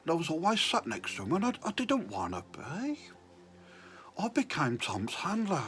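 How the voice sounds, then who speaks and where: A man's voice: on the high side, huge pitch swings, normal speed, a bit bright. A man telling a rambling, self-mocking story about his childhood. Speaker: comedian. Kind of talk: confessional storytelling.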